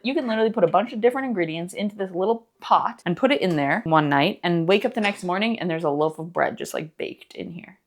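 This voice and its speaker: Woman home-cooking vlogger, jokey and rambling, slightly low voice. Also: quick pace, few pauses. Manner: goofy, rambling, joking. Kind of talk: casual cooking vlog. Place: home kitchen.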